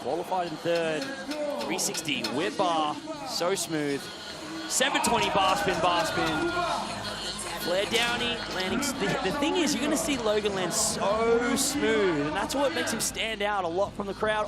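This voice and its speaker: Excitable guy calling a bmx final live, high pitched, yelling over loud music. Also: a little slow, a loud crowd. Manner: excitable, shouts and gasps at big tricks. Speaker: BMX commentator. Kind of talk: live sport commentary.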